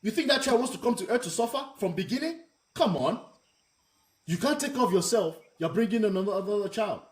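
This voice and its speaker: A man with a high voice leads a live panel discussion. He talks bluntly and with heat, hammering his points home by saying them again and again. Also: expressive, fairly quick. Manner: blunt, emphatic, repeats himself. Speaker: host.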